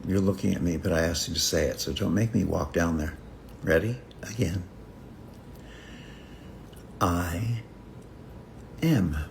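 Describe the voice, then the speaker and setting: A man teaching about healing in a reflective spiritual talk, speaking in slow, repetitive, contemplative phrases with long pauses. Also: sits low, steady tone, gravelly, slight background noise.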